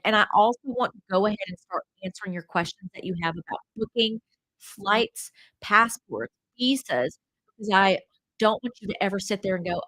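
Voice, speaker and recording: On her relaxed travel livestream, a woman with a medium-pitched, slightly bright voice rambles chattily and uses many fillers. A cold leaves her a little stuffy, and the recording is rough but has no echo.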